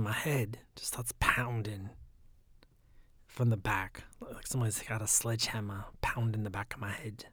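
A man with a raspy, phlegmy throat, talking in a soft, often half-whispered, rambling casual monologue. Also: on the low side, no echo.

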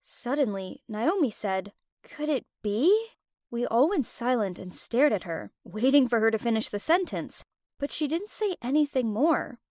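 A young woman telling a first-person story in an expressive, emotional way. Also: a little high, moderate pace, no echo, clean studio sound. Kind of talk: first-person scripted narration.

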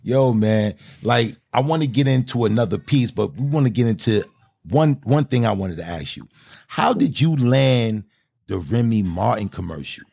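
A young man hosting an interview in casual, animated, slang-filled chat, speaking with emphasis. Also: medium pitch, moderate pace, creaky, no echo. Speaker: podcast host.

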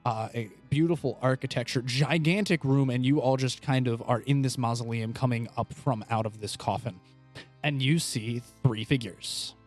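A man hosting a tabletop game podcast, narrating the scene for his players in an easygoing way with frequent filler pauses. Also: medium pitch, soft background music. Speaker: game master and podcast host.

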